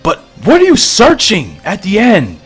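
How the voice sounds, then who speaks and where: Man voicing a young male warrior, desperate, strained high yelling, comic read-aloud. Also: huge pitch swings, unhurried, breathy edge, faint music behind, full character voice. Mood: defiant. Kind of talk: reading comic dialogue aloud.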